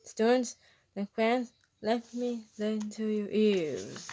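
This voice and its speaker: A woman voicing a hyper, eager young male sea sponge in a fan storybook reading, shouting drill-like proclamations. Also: mid-range voice, lively intonation, slow, slight background noise. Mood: speechifying.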